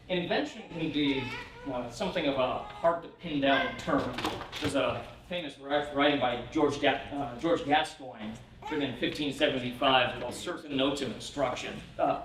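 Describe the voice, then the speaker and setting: A man's voice: medium pitch, a bit bright. A man teaching a workshop on reading poetry, in a casual, chuckling way with many fillers and restarts. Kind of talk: conference lecture. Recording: roomy hall from a distant mic.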